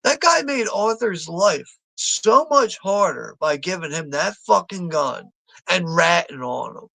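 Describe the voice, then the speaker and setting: Gravelly, profane man with frequent laughs. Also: high voice, very animated, a little slow, bright, forceful tone, no echo. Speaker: watch party host. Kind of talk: casual movie commentary.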